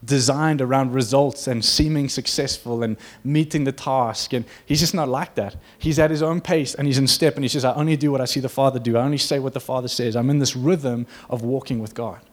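A man's voice: mid-range voice, steady tone, brisk, hardly any pauses. Earnest conversational male preacher. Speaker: pastor. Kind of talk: sermon.

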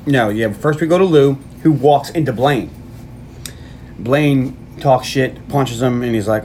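A man podcast host recapping a movie in casual chat, joking and tossing in quick acted quotes. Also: medium pitch, darkish tone, a little hiss or hum.

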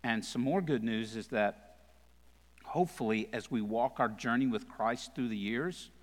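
Guy preaching at church, jokey self-deprecating stories, mid pitch, long room echo. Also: lively intonation, a little slow. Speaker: guest speaker. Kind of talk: humorous storytelling sermon. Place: live church service.

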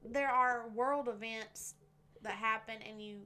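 A woman's voice: a little high, fairly even intonation, a little slow, background noise. A woman in her twenties chatting casually, reading bits from a website with giggly, wry asides. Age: 20s.

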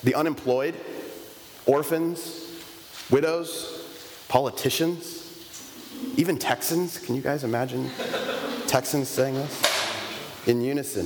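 A man's voice: medium pitch, a little slow, pauses often, a little mellow, a little hiss or hum. A man in his thirties preaching a sermon in a conversational, emphatic way, asking the congregation rhetorical questions from the pulpit of a church. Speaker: pastor. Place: church sanctuary. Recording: long reverb of a large hall, faint ambience.

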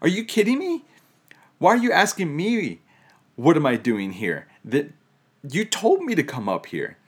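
A man's voice: on the high side, huge pitch swings, unhurried, husky, pitched above the performer's own voice, exaggerated voice. A man voicing an exasperated male prophet who protests in incredulous disbelief.

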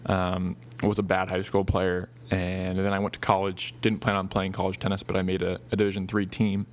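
A man's voice: low-pitched, monotone, brisk. A young man in his twenties hosting a solo podcast, talking loosely with many fillers and restarts. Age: 20s. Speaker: podcast host. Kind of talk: casual solo podcast talk.

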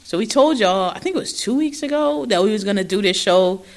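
A woman co-hosting a podcast, recapping a show in loud, laughing, profane gossip. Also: medium pitch, lively intonation, brisk. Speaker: podcast co-host. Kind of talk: casual recap chat.

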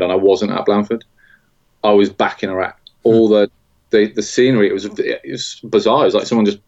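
British guy in his 40s, lowish voice, kinda muffled audio, lots of ums and restarts, telling it straight. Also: gravelly, darkish tone. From Britain. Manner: halting, with many restarts and fillers. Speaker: guest, military veteran. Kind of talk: candid interview conversation.

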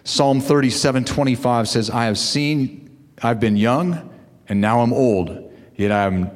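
A man's voice: medium pitch, unhurried. A male pastor preaching a sermon to fathers, with call-and-response asides to his congregation. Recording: long hall reverb.

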